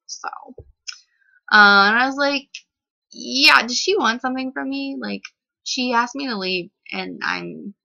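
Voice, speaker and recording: Bright-voiced indignant woman vlogger. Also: medium pitch. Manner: indignant and rambling, heavy use of "like". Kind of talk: casual storytelling vlog. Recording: slightly dull lo-fi recording.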